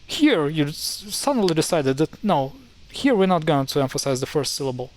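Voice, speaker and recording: Wry man explaining pronunciation, slightly high voice. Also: sing-song, moderate pace, slight background noise. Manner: wry, mildly exasperated, many fillers and restarts. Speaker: language explainer. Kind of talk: casual screen-share tutorial.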